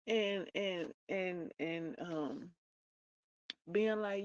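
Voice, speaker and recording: A woman's voice: mid-range voice, very slow, long pauses, dry recording, lo-fi sound. A woman hosting a livestream, chatting casually about a book and retelling its scenes in her own words with playful asides. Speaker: livestream host.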